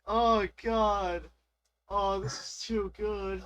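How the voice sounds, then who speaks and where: A man's voice: high-pitched, little pitch movement, extremely slow, a bit bright, slight background noise. A man co-hosting a casual gaming chat, joking and giggling a lot.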